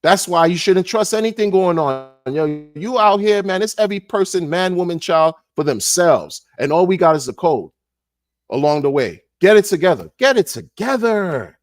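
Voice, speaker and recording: A man ranting in a casual monologue, animated and sarcastic, repeating words and laughing often. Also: high voice, moderate pace, no room sound. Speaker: crypto commentator.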